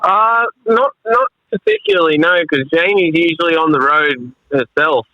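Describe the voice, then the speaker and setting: A man's voice: on the high side, moderate pace, no room sound, highs cut off. A man with an Australian accent, a guest calling in by phone and chatting in an easygoing, plainspoken way. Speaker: guest roper. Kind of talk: casual chat. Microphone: phone call.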